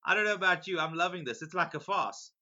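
A male preacher reading scripture aloud and stopping for amused, animated asides. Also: high-pitched, fast talker, muffled recording. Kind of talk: sermon reading scripture with commentary.

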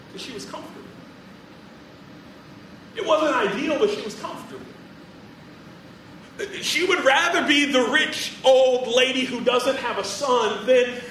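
A man preaching an animated, playful sermon to students, acting out the people in his story. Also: very high-pitched, slight background noise. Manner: animated, playful, acts out quotes. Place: large room with audience. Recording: roomy hall, distant from mic.

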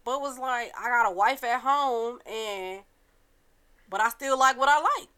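A woman's voice: fairly high pitch, measured pace, sharp tone, clear, resonant tone. A woman podcast co-host, chatting bluntly and casually. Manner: blunt, disgusted, laughing. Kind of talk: casual chat.

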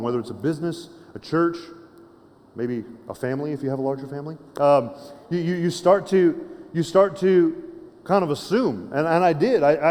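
A man's voice: on the high side, a little mellow. Conversational preacher man, hall reverb. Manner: conversational preaching with frequent restarts and tag questions. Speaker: pastor. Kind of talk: sermon. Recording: long reverb of a large hall.

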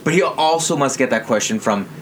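A man's voice: medium pitch, lively intonation, a little fast. A man hosting a podcast and chatting casually with friends, telling rambling stories and laughing often. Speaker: podcast host. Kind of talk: casual chat among friends. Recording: faint background noise.

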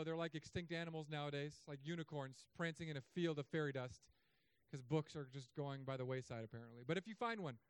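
Pastor, male, 30s, high voice, dry close sound, joking sarcastic sermon delivery. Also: clear, resonant tone, no echo. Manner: humorous, sarcastic asides with animated swings.

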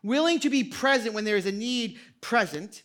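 A man preaching a sermon as a pastor, lively and emphatic. He swings between loud declarations and hushed asides and laughs often while he talks. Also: very high voice, moderate pace. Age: adult parent.

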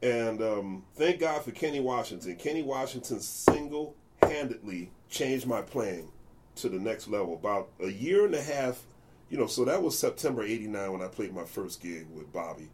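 Against background noise, the American jazz bassist speaks on the low side at a moderate pace. He's animated as he recounts anecdotes in a casual interview, acting out the voices of others.

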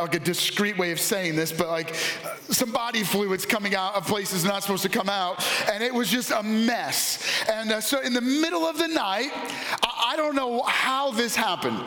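A man's voice: sits high, bright, forceful tone. A man in his thirties preaching a sermon as a pastor, telling candid, self-deprecating stories about family life. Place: church auditorium. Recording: echoey church hall.

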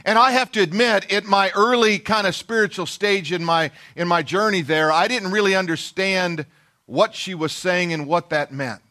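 A middle-aged man preaches with a high, bright voice. He tells a personal story in a folksy, self-deprecating way and slips into the voices of the people he quotes. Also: normal speed. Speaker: pastor. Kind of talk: sermon storytelling.

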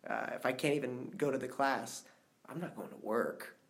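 A man's voice: mid-range voice, moderate pace, creaky. Curious, empathetic male interviewer. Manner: curious, empathetic questioning with easy laughs. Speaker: interview host. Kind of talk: conversational interview.

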